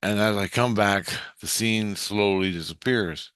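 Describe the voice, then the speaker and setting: A man's voice: lowish voice, measured pace, fairly bright tone, smooth, dry recording. A man telling a personal story in a casual, rambling way, cursing and restarting his sentences. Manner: rambling, profane, frequent restarts.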